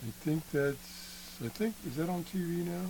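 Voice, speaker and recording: A man slowly demonstrating an old radio, halting often and clearing his throat, his voice worn from being sick. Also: on the high side, noisy background. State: losing his voice after illness. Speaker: radio hobbyist video host. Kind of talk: casual show-and-tell demo.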